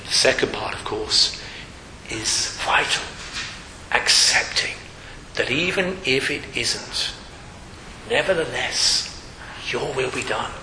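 Bright-voiced preacher in an echoing hall. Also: male voice, medium pitch, animated, slow, long pauses. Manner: earnest, swings from loud to hushed for emphasis. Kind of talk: sermon. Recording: echoey hall with long reverb, faint hiss.

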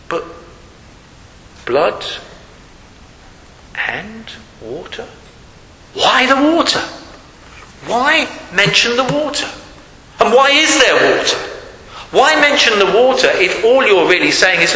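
A man's voice: sits high, animated, normal speed, sharp tone. A man preaching a reflective sermon and asking rhetorical questions. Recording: echoey hall.

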